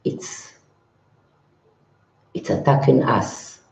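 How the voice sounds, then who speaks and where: An older man, a monk, answering viewers in a live-stream chat in broken English, halting and repeating his words. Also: darkish tone. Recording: roomy, slightly dull sound.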